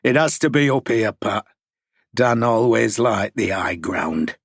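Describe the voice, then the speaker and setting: Man doing a stubborn rifle officer, curt and surly, low-key and husky. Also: a little slow, dry recording, studio quality, full character voice.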